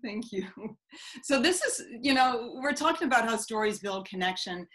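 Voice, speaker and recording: A woman's voice: a little high, normal speed, poor audio. A woman who teaches storytelling, telling a personal story in a conversational way with plenty of fillers, over a video call. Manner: lively, conversational, with many fillers.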